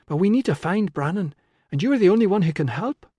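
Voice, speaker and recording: A steady, gentle young woman, voiced by a male narrator who talks softly and patiently. Her voice sits a little higher than his own, coaxing and firm at once. The studio sound is close and dry. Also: fast talker, slightly rough, no room sound. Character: resolute young British woman, calm healer. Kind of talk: audiobook character voice.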